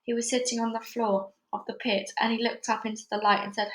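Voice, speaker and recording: A woman's voice: a little high, flat delivery, brisk, a bit bright. A woman at home reading a children's book aloud as narrator, casual and chatty between chapters. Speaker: read-along narrator. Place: busy house. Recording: echoey room at home.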